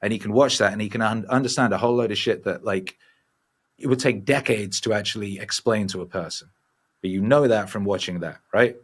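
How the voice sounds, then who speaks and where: Brief: middle-aged man, lowish voice, profane and animated storyteller. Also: brisk, slightly rough. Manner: swears freely, animated and rambling. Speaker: podcast guest. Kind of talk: casual storytelling.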